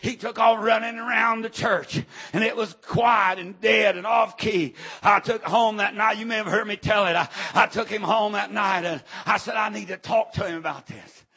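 Middle-aged male preacher, husky high voice, shouts between amens, rambling revival sermon. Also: steady tone, normal speed, few pauses.

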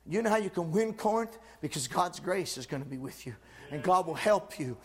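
A man's voice: sits high, animated, fairly quick, breathy edge. A man preaching a sermon with fervent, emphatic repetition.

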